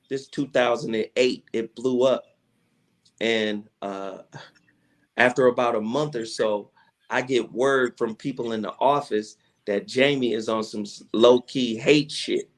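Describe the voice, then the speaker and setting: Profane, animated storyteller man. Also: medium pitch, unhurried. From Chattanooga, Tennessee, USA. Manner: animated storyteller who acts out quoted dialogue, with slangy profanity. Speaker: radio personality and podcast guest. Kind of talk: casual storytelling interview.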